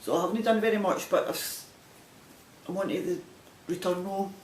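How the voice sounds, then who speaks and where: Showing her crafting projects on a video podcast, a Scottish woman rambles a bit in a chatty, self-deprecating show-and-tell. She speaks at a normal speed in a slightly mellow voice, over a roomy echo with a faint rumble.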